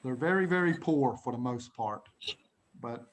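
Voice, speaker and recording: A middle-aged man teaching English to children on a video call, an animated, dramatic storyteller who chuckles often. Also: mid-range voice, normal speed.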